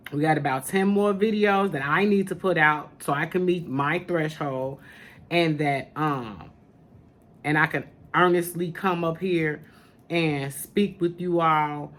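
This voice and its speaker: A woman hosting a spiritual podcast in casual talk to camera, sassy and familiar, calling listeners honey and baby. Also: sits low. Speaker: podcast host, spiritual teacher.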